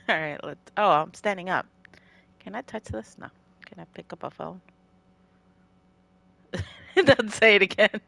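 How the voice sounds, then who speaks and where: Slow, gravelly woman streamer, freshly woken. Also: medium pitch, expressive, fairly bright tone. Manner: rambling, playful, giggly. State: just woken up. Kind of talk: casual livestream chat while gaming.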